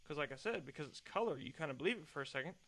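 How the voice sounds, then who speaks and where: A man's voice: a little high, animated, rapid-fire, gravelly, a bit bright. A young adult man hosting a solo podcast, chatting in a rambling, self-deprecating way at a desk mic. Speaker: podcast host.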